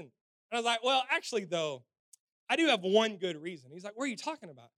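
Lively man telling a sermon story. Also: high voice, fast, no room sound. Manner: animated, swings loud and soft.

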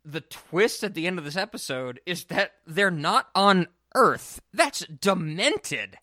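A man's voice: high voice, very animated, bright, forceful tone, no room sound, studio quality. A man hosting a casual chat, wry and teasing. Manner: wry, teasing, quick laughs. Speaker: podcast host.

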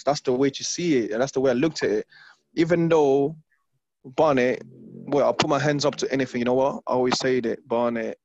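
Animated former footballer, man, dull lo-fi. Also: medium pitch, no room sound. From London. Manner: animated, repeats phrases, acts out his past self. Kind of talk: casual interview storytelling. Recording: dull lo-fi dry sound.

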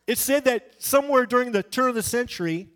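High-voiced emphatic preacher man. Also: a little fast, a bit bright, smooth. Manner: emphatic and conversational, acts out quoted voices in anecdotes. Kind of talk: evangelistic sermon.

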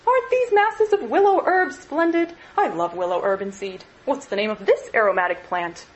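A woman voicing a genial, talkative middle-aged male clergyman who gently lectures the young men. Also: sits high, animated, normal speed, highs cut off, slight background noise, pitched above the performer's own voice.

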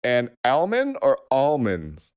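A man's voice: medium pitch, wildly swooping pitch, slow pace, a little mellow, clean tone. A man co-hosting a podcast in casual chat, who breaks into giggles mid-sentence. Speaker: podcast co-host.

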